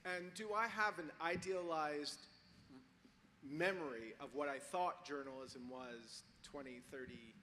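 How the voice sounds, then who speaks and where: A man's voice: fairly high pitch, unhurried, pushed and bright. A man asking a question from the audience at a conference, hesitating with many ums and restarts. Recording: hall reverb with faint noise.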